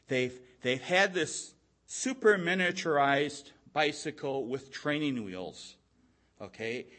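Slow, deliberate preaching man. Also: mid-range voice. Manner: storytelling, repeats "okay?" to the audience; slow and deliberate, swelling louder at dramatic moments. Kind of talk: sermon.

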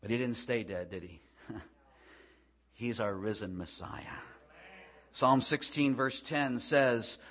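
A male preacher giving a sermon to a congregation, impassioned and swelling to loud climaxes before dropping to soft, quiet stretches. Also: mid-range voice, expressive, slow, pauses often. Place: room with a congregation.

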